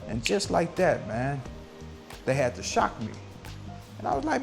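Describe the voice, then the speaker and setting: A man in his forties telling a personal story in a relaxed sit-down vlog, talking conversationally and getting animated when he acts out what people said. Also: on the high side, moderate pace, gravelly. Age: 40s. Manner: conversational, animated when quoting himself and others. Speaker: vlogger. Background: soft coffeehouse music.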